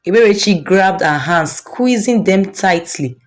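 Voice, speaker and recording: A woman narrating a folk tale in a deliberate, dramatic way. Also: fairly low pitch, faint music behind. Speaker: storyteller.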